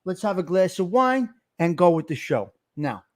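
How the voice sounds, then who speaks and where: Loud, fired-up man hosting a livestream. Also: sits high, sing-song, normal speed. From Italian-American. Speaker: livestream host. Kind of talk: casual livestream chat.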